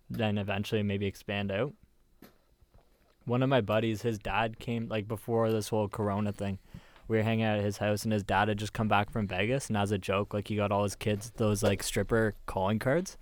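A man's voice: lowish voice, fairly even intonation, normal speed. A man, co-hosting a casual podcast and telling jokey stories with casual swearing. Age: 20s. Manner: storytelling, joking, swearing. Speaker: podcast co-host. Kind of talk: casual chat.

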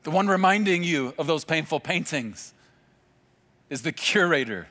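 A male pastor preaching a sermon, telling a vivid story with dramatic pauses. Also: a little high, animated, bright, forceful tone. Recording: long hall reverb with faint music. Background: faint music.

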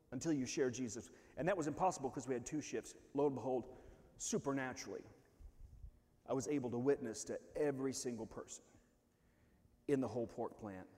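A man preaching a testimony sermon, swinging from hushed, low stretches to loud shouts, often restarting his words. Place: church hall. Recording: long reverb of a church hall.

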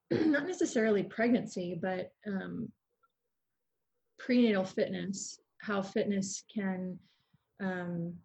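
Gravelly, mellow-voiced woman. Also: mid-range voice. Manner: thoughtful, explaining with pauses and fillers. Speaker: guest, prenatal fitness specialist. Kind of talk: casual conversation.

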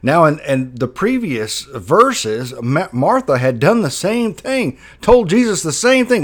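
A man's voice: fairly high pitch, very animated, slow pace, hardly any pauses. A man preaching a Bible sermon fervently, voice rising and dropping sharply for emphasis.

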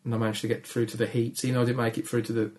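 Rich: A young man speaking with a Black Country accent from Dudley, his voice deep and gravelly at a middling pitch. He chats as an interview guest, shy and low-key, sounding a little downtrodden. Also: completely flat delivery, racing, a little mellow. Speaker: comedian guest. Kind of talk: casual interview chat.

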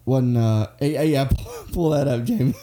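A man hosting a podcast, chatting casually and profanely, slipping into quick impressions of people. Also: medium pitch, noisy background. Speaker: podcast host. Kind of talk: casual chat.

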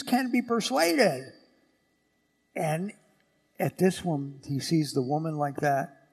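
A priest giving a Sunday homily in a church, animated and dramatic, acting out the voices of the people in the story. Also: male voice, a little high, measured pace, husky. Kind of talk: sermon. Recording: church with long reverb.

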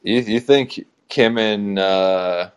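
A man's voice: fairly low pitch, drawn-out words, clear, resonant tone. A man hosting a casual online chat, making dry, wry remarks. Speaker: host. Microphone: online audio room.

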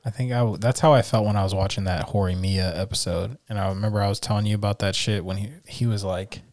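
A man's voice: lowish voice, steady tone, quick pace, darkish tone, no echo. A man co-hosting a casual podcast, laid-back and blunt, swearing freely. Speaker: podcast co-host. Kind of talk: casual chat.

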